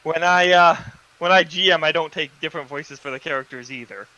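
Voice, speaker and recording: A man's voice: on the high side, fairly quick, bright, forceful tone, muffled recording. A man talking about his character in a casual podcast chat, hesitant and full of uhs. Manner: hesitant, lots of uhs, plain own voice. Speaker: podcast player.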